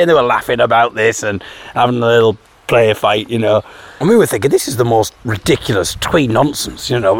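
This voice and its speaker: A man's voice: mid-range voice, lively intonation, quick pace, dry recording. A man telling stories in a casual vlog, acting out people's voices as he retells them. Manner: mimics voices when retelling. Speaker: vlogger. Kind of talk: casual storytelling monologue. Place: home, eating with partner.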